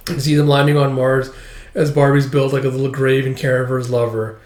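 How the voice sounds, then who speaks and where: A man's voice: mid-range voice, level tone, fairly quick, a little mellow, echoey room. A man casually reading through a comic book, chatty, emotional and given to swearing.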